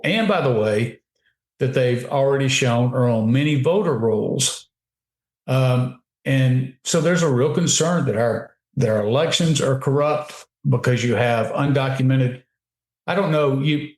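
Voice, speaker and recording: A man giving emphatic, opinionated commentary on a radio talk show, often restarting his sentences. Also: mid-range voice. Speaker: guest commentator. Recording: roomy echo.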